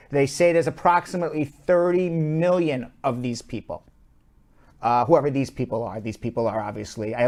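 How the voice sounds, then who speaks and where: Chatty man with a Long Island accent. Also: a little high. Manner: chatty, loose delivery with fillers and restarts. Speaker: show host and attorney. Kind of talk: live show news rundown.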